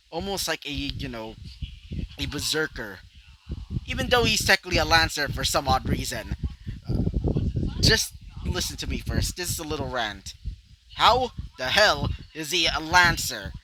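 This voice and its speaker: A young man narrates his fan fiction story off the cuff, full of fillers and side rants. His voice is fairly high and swoops a lot. Loud noise hisses behind him. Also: expressive, a little slow. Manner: rambling, many fillers and asides.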